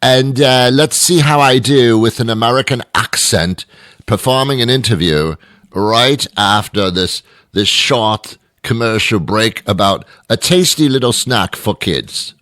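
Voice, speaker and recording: A British man hosting a radio talk show, talking in an animated, mock-indignant, rambling way. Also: mid-range voice, measured pace, no room sound, studio quality. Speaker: radio host. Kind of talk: comic talk radio monologue.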